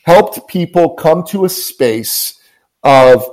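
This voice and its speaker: A man's voice: a little high, expressive, takes it slowly, a little mellow, low-quality recording. A man guest, a business coach, speaking earnestly and emphatically, often repeating his phrases as he tells an inspirational story.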